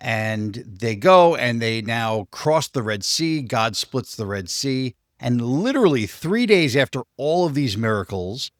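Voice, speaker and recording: Man, co-host, scripture explanation, steady, dry room sound. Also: medium pitch, unhurried, few pauses, no room sound. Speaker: podcast co-host. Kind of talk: explaining scripture in casual discussion.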